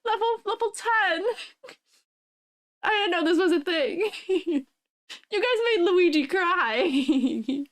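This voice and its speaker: Very high-voiced woman crying happy tears. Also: animated, slow pace, pauses often, fairly bright tone. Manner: laughing through happy tears, thanking viewers. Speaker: streamer. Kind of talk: casual live-stream chat.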